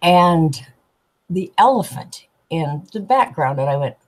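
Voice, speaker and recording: A woman, a tarot deck artist, chatting as a guest and telling animated stories, acting out the people she quotes. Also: low voice, slow, rough recording. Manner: animated storyteller, giggly, acts out quoted voices. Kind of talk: casual storytelling chat.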